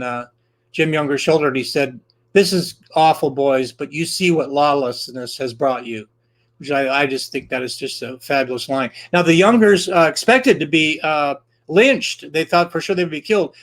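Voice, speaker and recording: A man's voice: a little high, fairly bright tone. Rambling, filler-heavy male storyteller. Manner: rambling, with frequent filler words and restarts. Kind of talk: casual historical storytelling.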